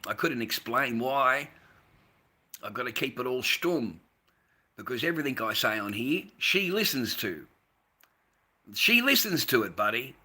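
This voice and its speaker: An Australian man talking to viewers on a livestream, rambling and swearing freely, swinging between loud ranting and tired, low musing. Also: sing-song, measured pace, pauses often, breathy edge. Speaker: livestream host. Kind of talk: casual livestream talk to viewers.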